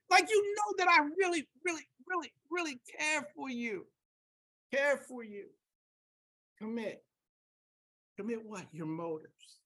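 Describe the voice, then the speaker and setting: A woman preaching a sermon and reading scripture aloud, emphatic, repeating key words and rising to near-shouts. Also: high-pitched, a little slow, pauses often.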